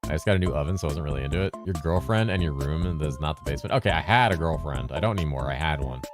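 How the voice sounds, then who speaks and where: A man with a very deep voice, chatting casually on a game stream, reading messages from chat aloud and answering them with casual swearing. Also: over music. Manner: lively presenter inflection at times, drops into a flatter low voice at other times; talks fast to keep up with chat.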